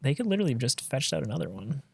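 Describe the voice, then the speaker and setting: A man's voice: medium pitch, very animated, very fast, gravelly, husky, no room sound. A man giving casual commentary on his own card game match, thinking aloud and trailing off mid-sentence, on a close desk mic.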